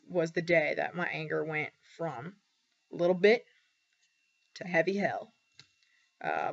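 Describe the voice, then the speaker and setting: A young woman talking candidly in a personal vlog, halting often with ums and pauses. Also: fairly low pitch. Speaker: vlogger. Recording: dull lo-fi recording.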